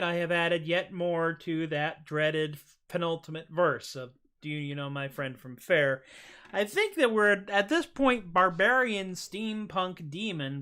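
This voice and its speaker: A man's voice: fairly high pitch, sharp tone, clean tone. Rambling self-deprecating male livestream host. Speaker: singer-songwriter host. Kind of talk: casual livestream chat between songs. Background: guitar strumming.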